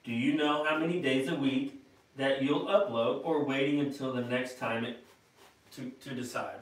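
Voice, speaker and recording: A man's voice: mid-range voice, steady tone, normal speed. A man from the United States acting as the show's coordinator, reading viewer comments aloud in an easygoing, joking way. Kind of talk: casual live-stream chat. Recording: distant echoey mic.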